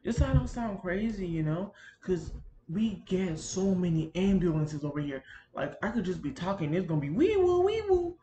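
A woman chatting casually to her viewers while she sets up a video, rambling and animated, recorded at home on a built-in computer mic. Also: fairly low pitch, normal speed, echoey room, lo-fi sound, slight background noise. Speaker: gaming YouTuber. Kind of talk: casual chatty vlog narration. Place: home room near a busy street.

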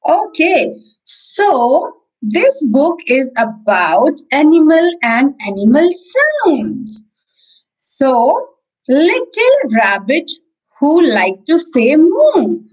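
A woman with an Indian English accent teaching an online preschool class, counting aloud slowly and reading a picture book to small children with encouragement. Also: high voice, very animated, darkish tone, poor audio.

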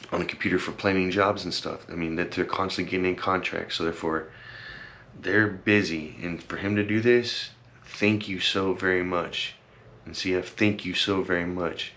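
This young male vlogger talks casually to his camera in a low, fairly bright voice, with slight background noise. He rambles earnestly, full of fillers and repeated thanks, sometimes growing teary in this heartfelt vlog.

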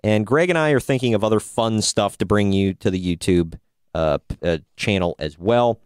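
A male podcast host talks in an upbeat, chatty way and throws in a playful drawn-out "bro" now and then. His voice sounds smooth and clear, and the recording is dry and close. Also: fairly low pitch, a little mellow, no echo. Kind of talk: casual podcast chat.

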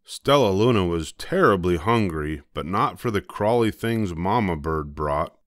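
Older man reading a picture book aloud, smooth low voice. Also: lively intonation, no echo, studio quality. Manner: gentle, slowing for dramatic moments. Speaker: storybook reader.

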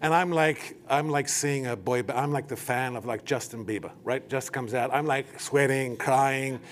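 A company chief giving a business talk as an animated storyteller, leaning on "like" and "right?" as he goes. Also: mid-range voice, moderate pace, slight background noise. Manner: animated, anecdotal, frequent "like" and "right?". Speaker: company CEO giving a presentation.

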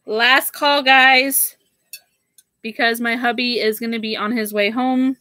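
A woman's voice: fairly high pitch, fairly even intonation, takes it slowly, bright, forceful tone, no room sound, clean studio sound. A young woman hosting a live sale stream, chatting casually with viewers and often saying "like" and "girl". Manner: chatty, says "like" and "girl" a lot. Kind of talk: casual livestream chat.

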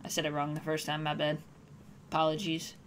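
A woman's voice: sits low, completely flat delivery, fairly quick. An Irish woman streaming a horror game in casual commentary, jumpy and swearing when startled. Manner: jumpy, swears and yelps at scares.

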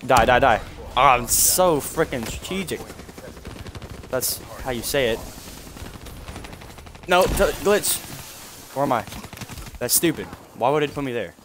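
A young man giving live gameplay commentary, animated and trash-talking, with sudden shouts at opponents. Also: mid-range voice, measured pace, pauses often. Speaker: gaming commentator. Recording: game gunfire noise behind the voice. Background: in-game gunfire and explosions.

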